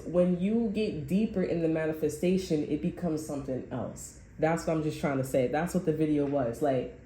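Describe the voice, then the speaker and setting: A woman's voice: lowish voice, warm tone. A woman giving a reading in casual chat, telling a story in loose, profane slang and laughing often. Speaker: tarot reader. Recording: echoey room, faint noise.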